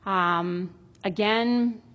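A woman's voice: medium pitch, drawn-out words, a bit bright. A woman in her thirties in a casual talk about parenting, reading out example conversations in a chatty, reflective way.

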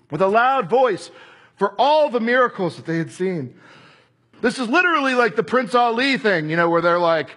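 A man preaching a sermon, animated, acting out crowd voices and shouting at times. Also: high-pitched, breathy edge.

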